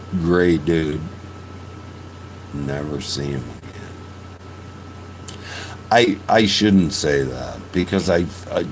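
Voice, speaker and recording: A man's voice: deep voice, a little hiss or hum, poor audio. A man telling a story in a casual podcast monologue, profane and laughing, venting his emotions. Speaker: podcast host.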